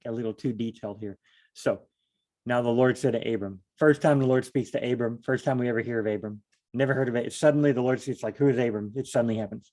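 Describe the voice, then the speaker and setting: Man hosting a casual Bible study, mellow tone, rambling and self-deprecating. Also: mid-range voice.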